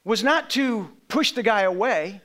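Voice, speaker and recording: A man's voice: sits high, lively intonation, a little slow, sharp tone. A man preaching a sermon, telling a personal story in a conversational way and checking details with people in the congregation. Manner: conversational storytelling, asks congregation members questions. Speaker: pastor.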